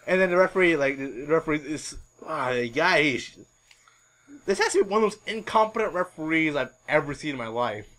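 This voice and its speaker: A man hosting a podcast in casual chat, rambling and animated with many filler words. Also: fairly high pitch, brisk, rough recording. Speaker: podcast host.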